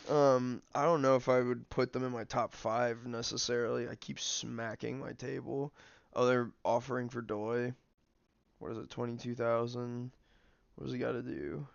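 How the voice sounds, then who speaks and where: Young male streamer, casual rambling chat, smooth voice with some grit. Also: medium pitch, dull audio. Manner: rambling, filler-heavy, snacking while talking. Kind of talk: casual livestream commentary.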